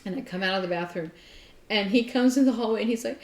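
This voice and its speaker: A woman co-hosting a casual craft podcast, telling stories in an animated way. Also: mid-range voice, fast, a little hiss or hum. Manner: animated storytelling, mimics her cat. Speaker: podcast co-host. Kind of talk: casual chat. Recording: echoey room.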